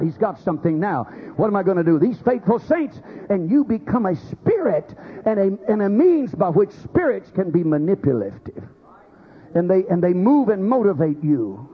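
A man's voice: high-pitched, breathy edge, narrow, tinny audio. A man preaching a sermon, acting out quoted voices as he goes. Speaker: pastor.

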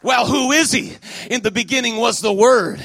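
Man preaching, real high gravelly voice, dry sound, swings from shouting to quiet. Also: moderate pace, no echo, some chatter behind. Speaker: pastor. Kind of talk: sermon. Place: church at a men's conference.

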